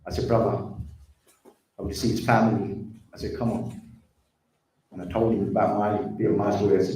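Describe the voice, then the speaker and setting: A man's voice: lowish voice, steady tone, brisk, pauses often, dark tone, slight background noise. A man giving an earnest community talk about drug addiction, repeating himself and calling the listeners brothers and sisters. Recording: very echoey hall, distant mic.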